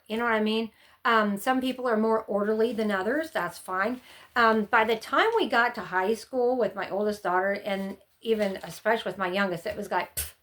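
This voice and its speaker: A middle-aged woman chatting casually to camera, giving rambling, friendly advice from her years as a homeschooling mom. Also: a little high. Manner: chatty and rambling, often acts out her own past panics.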